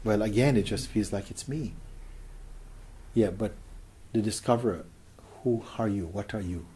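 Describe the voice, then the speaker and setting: A man giving a contemplative spiritual talk as a teacher, gentle and questioning, often sinking into a whisper. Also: on the low side, moderate pace, a little hiss or hum.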